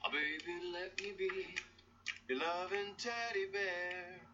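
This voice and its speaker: A man's voice: high-pitched, slow. A man playing a jokey comedian character in a sitcom, heard in an old TV clip. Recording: distant muffled TV clip with background noise.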